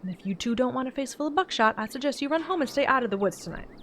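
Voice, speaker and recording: A woman voicing a stubborn, gruff old backwoods man with a put-on Southern accent in a voiced-over game, with folksy, grumbling speech. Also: high-pitched, lively intonation, very fast, fairly bright tone, soft background music, voice pushed up. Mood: threatening. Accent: put-on generic Southern US.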